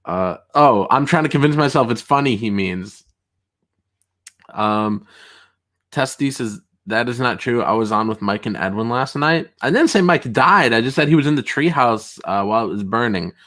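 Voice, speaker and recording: A young man talks casually to his livestream chat, reading messages aloud with a mid-range voice. He laughs a lot and gets loud and riled up when something annoys him. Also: mid-range voice, moderate pace. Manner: chatty, excitable, laughs often, rising to shouts when riled. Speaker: streamer host reading chat.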